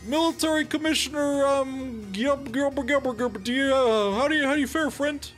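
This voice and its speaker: A man's voice: very high voice, normal speed, a bit bright, soft background music, voice pushed up. A man voicing a formal game character in a raised voice, reading its dialogue aloud and stumbling over a name. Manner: stiff, stammers on a name.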